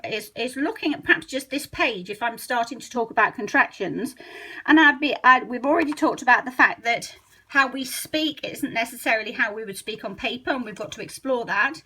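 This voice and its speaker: A middle-aged woman, a literacy teacher trainer, explains a spelling method while leafing through a book, thinking aloud and sounding words out slowly. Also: fairly high pitch, expressive, pushed and bright, breathy edge.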